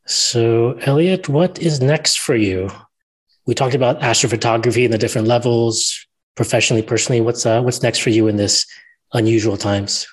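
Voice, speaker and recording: A man's voice: mid-range voice, moderate pace, breathy edge. A man co-hosting an interview podcast, asking questions in a wry, reflective way. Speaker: podcast co-host. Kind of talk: casual conversation.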